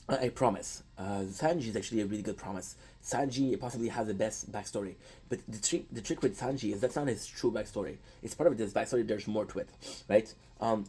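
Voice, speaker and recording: A man's voice: fairly low pitch, dark tone, slightly rough, low-quality recording. A man casually retelling an anime story, with lots of restarts and offhand swearing. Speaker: anime commentator.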